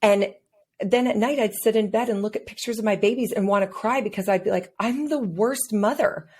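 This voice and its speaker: A woman's voice: mid-range voice, fairly even intonation, quick pace, a little mellow. A woman hosting a podcast who is a mother, sharing her own experiences in an earnest, personal way. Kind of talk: casual interview talk.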